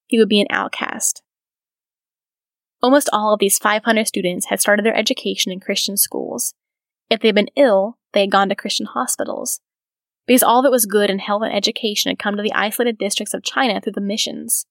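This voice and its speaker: A woman host reads a life story aloud, breaking in with earnest, reflective asides of her own. Her mid-pitched voice has a gravelly fry running through it. The recording is dry and close, with no room sound. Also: fairly even intonation, a little fast, fairly bright tone, no echo. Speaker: podcast host. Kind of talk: reading a biography aloud with commentary.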